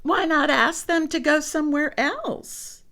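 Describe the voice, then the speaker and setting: A woman voicing a cheerful, excitable young female pig in a read-aloud storybook. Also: sits high, measured pace, voice pushed up. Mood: helpful. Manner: bubbly and delighted.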